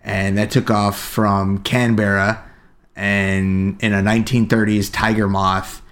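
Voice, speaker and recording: A man's voice: lowish voice, level tone, slow, fairly bright tone. Rambling man co-hosting a podcast. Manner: rambling, with frequent fillers. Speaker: podcast co-host. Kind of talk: casual chat.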